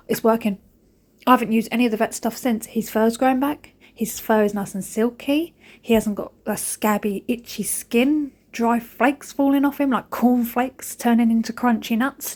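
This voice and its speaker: A woman's voice: a little high, moderate pace, a little mellow. A woman in her thirties, a mother and vlogger, chatting cheekily and telling jokey stories while she cleans the house. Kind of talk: casual chat over cleaning footage.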